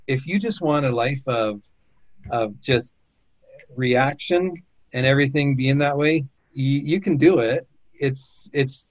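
A man's voice: medium pitch, no room sound. A man hosts a chat and gives encouraging coaching advice, stumbling and repeating words as he goes. The sound is dull and dry. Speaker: host.

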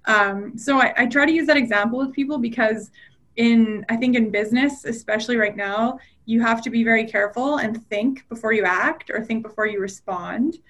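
A woman with a slightly high voice talks in an easy, conversational way. She tells personal stories with animation and slips into other voices when she quotes people. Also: normal speed. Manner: animated storyteller, acts out quoted dialogue. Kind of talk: casual chat.

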